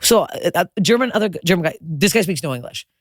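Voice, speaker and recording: A woman's voice: fairly low pitch, animated, fast, no room sound, clean studio sound. A woman comedian telling a crude, self-mocking story in casual podcast chat. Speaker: comedian guest.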